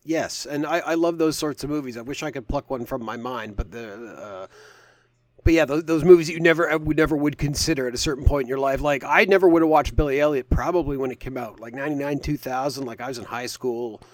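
A man in his thirties co-hosting a podcast in casual chat, animated and teasing, swearing now and then. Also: mid-range voice, fast, no room sound. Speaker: podcast co-host.

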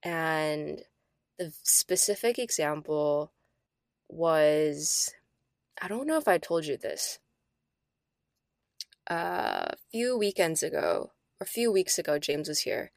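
A woman's voice: low voice, big pitch swings, takes it slowly, creaky, long pauses, no room sound, clean studio sound. A woman in her thirties, co-hosting a podcast, telling a personal story in casual, chatty talk full of "like". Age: 30s. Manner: chatty, storytelling, filler-heavy with frequent "like". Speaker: podcast co-host.

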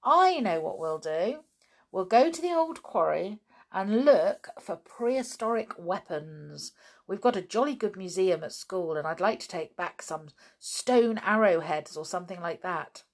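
A woman's voice: on the low side, expressive, a little slow. A woman voicing a cheeky, joking schoolboy in a storybook reading. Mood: cheerful.

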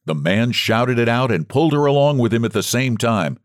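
A man's voice: mid-range voice, brisk, few pauses, dry recording, studio quality. A man reading a story aloud as an audiobook narrator. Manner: expressive storytelling. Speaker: audiobook reader. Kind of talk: scripted narration.

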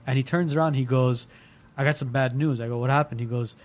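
A man's voice: medium pitch, steady tone, fast talker, faint music behind. A man in casual chat, telling a story with acted-out quotes and casual swearing.

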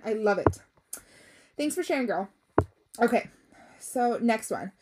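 A young adult woman hosting a casual podcast, reading listener stories aloud and reacting in an expressive, gushing way, swearing freely and slipping in Spanish words. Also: medium pitch. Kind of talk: casual chat.

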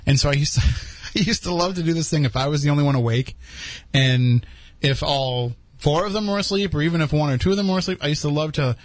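A man's voice: on the high side, quick pace, no room sound. A man hosting a live podcast in casual chat, rambling and joking as he tells stories. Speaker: podcast host.

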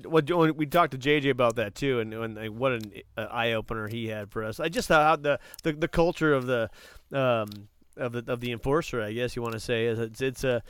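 Smooth-voiced casual podcast host, a man. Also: mid-range voice, brisk, hardly any pauses, fairly bright tone, dry recording. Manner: loose, hesitant, fills with "uh". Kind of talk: casual chat.

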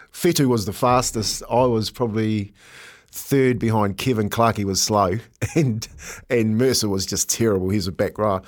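A middle-aged man with a New Zealand accent, co-hosting a podcast and telling animated anecdotes in casual chat, laughing often. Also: lowish voice. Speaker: podcast co-host, former rugby league player.

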